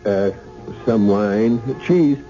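An actor playing a jovial old soldier, hearty and rambling, in a 1970s radio drama. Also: male voice, fairly low pitch, animated, very slow, mellow, faint music behind. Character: jovial old male soldier, fond of food. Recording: dull lo-fi radio recording.

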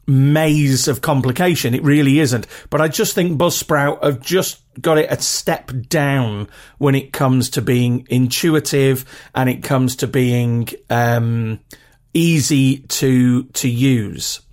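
A man's voice: mid-range voice, a little mellow. A man with a regional British accent hosting a podcast in a chatty, rambling, self-deprecating way. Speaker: podcast host. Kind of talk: casual solo podcast talk.

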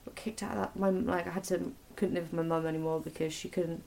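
A young woman talks in a relaxed, open conversation, swearing freely and circling back with frequent restarts. Her voice sits low with a gravelly edge of fry. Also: slight background noise. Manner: rambling, sweary, halting with many restarts. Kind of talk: casual confessional chat.

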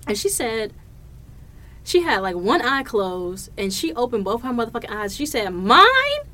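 Profane, animated woman podcast host. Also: fairly high pitch, normal speed. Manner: profane, animated, laughs a lot. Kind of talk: casual solo podcast storytelling.

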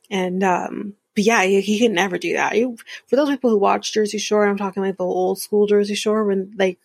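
A woman's voice: mid-range voice, fairly even intonation, a little fast, creaky, slightly rough, dry recording. A woman hosting a podcast, recapping a reality show in a candid, chatty way with frequent laughs. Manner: chatty, candid, laughs often, drifts into whispered asides. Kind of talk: casual chat.

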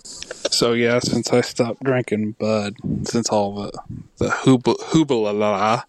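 Male podcast guest, low flat delivery, lots of ums, dry sound. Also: dry recording. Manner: halting, full of ums, low-key. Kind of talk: casual chat.

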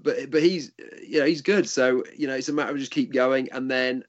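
A man's voice: mid-range voice, fairly even intonation, fairly quick, highs cut off. A middle-aged man who coaches martial arts, chatting casually and telling rambling stories. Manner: rambling storyteller, restarts sentences. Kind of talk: casual chat.

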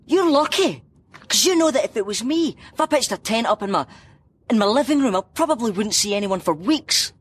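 An actor with a Scottish accent playing a kind, easygoing young man in a sitcom, speaking in a relaxed, teasing way. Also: high-pitched, a little fast, slightly rough, dry recording. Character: kind laid-back young man, loyal friend.

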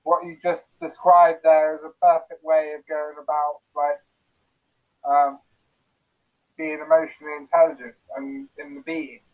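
A man's voice: on the high side, flat delivery, unhurried. A man hosting a casual interview, who talks loosely and searches for words with many likes and ums. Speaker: podcast host. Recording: tinny phone-like line.

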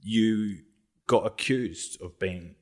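Male interview host, very low voice, relaxed prompts and recaps. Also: takes it slowly, a crowd in the background. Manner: short prompts and recaps of the guest's story. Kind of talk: casual interview.

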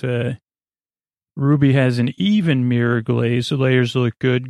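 A man's voice: mid-range voice, slow, vocal fry, a little mellow, dry recording, studio quality. A man hosting a sleep podcast, recapping a TV episode in a meandering way with many filler words and self-corrections. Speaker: podcast host.

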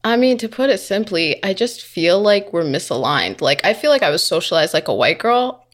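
A woman's voice: mid-range voice, big pitch swings, normal speed. A woman co-hosting a podcast, talking casually in a blunt, provocative and teasing way. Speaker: podcast co-host. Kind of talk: casual chat.

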